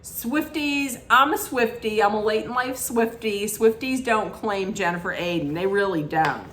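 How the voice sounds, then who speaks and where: A woman's voice: mid-range voice, measured pace, a bit bright, a little hiss or hum. A woman recapping reality TV in a casual, gossipy, sassy way from home, with plenty of fillers.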